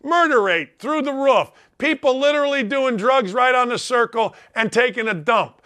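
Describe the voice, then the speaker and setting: Brief: middle-aged man, sports talk host, high forceful voice, blunt folksy ranting monologue. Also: normal speed, clean tone. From Indianapolis, United States. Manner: blunt, riled-up, folksy slang. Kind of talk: opinionated sports radio monologue.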